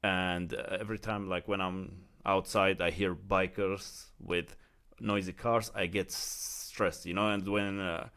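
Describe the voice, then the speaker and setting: A man's voice: sits low, flat delivery, a little slow, a bit bright, clear, resonant tone. A man with an Emirati accent telling a casual, heated story in a vlog, filling his talk with "like" and "you know". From United Arab Emirates. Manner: heated, chatty, heavy use of "like" and "you know". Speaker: vlogger.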